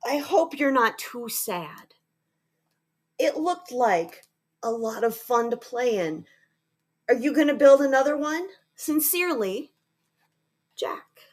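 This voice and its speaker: A woman's voice: high voice, animated, slow, long pauses, exaggerated voice. A woman reading the letters of a sulky young schoolboy who writes stubborn, defensive apologies. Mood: grudging.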